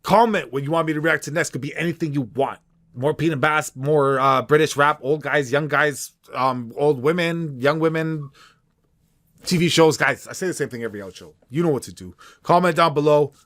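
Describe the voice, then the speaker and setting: A man's voice: fairly high pitch, normal speed, fairly bright tone. Chatty Canadian man reacting to videos. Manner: chatty, keeps addressing viewers as guys. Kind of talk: casual reaction commentary.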